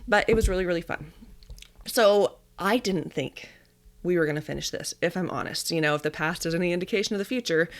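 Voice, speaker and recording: A woman in her thirties, a dietitian and mother, hosting a podcast and retelling a family story in a chatty, animated way with little laughs. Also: fairly low pitch, brisk. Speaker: podcast host. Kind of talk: casual storytelling monologue.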